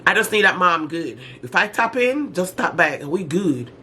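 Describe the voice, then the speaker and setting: A middle-aged woman vlogger in casual storytime chat, talking in an animated, slangy way with dramatic asides. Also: on the low side, normal speed, slight background noise.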